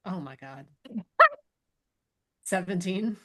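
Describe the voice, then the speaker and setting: A woman taking part in a tabletop game, her words coming out slow, quiet and wry. Her voice is very low for a woman, and she drags out her lines at an unhurried pace. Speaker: player. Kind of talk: casual tabletop game play.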